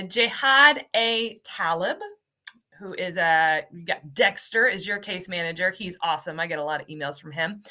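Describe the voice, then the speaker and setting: A woman's voice: medium pitch, bright, forceful tone. A woman hosting a live webinar, upbeat and cheery, calling out giveaway winners and stumbling over their names. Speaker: host, ESL program coordinator.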